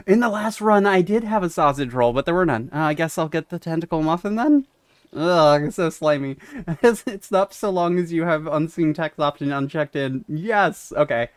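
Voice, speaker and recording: A man's voice: a little high, moderate pace, no room sound. A man streaming a story game, casually reading its dialogue aloud and chuckling between lines. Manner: reads game text aloud, chuckles often. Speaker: let's-play streamer. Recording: dry close mic, faint game music.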